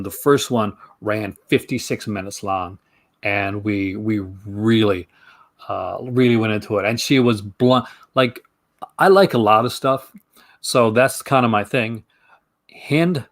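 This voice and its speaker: A man's voice: on the low side, a bit bright. A man hosting a film review channel, talking casually to camera in a chatty, rambling way and laughing easily.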